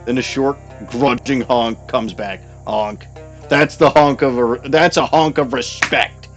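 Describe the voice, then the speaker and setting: A man's voice: medium pitch, measured pace, soft background music. A man playing a text game, reading its narration aloud with wry, chuckling asides. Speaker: game player.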